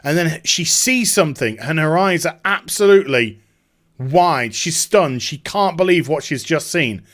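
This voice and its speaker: A man hosting a video commentary, mocking and sarcastic, with casual swearing. His voice swings widely in pitch and is a touch higher than most men's. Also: lively intonation, measured pace, fairly bright tone. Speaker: YouTube commentator.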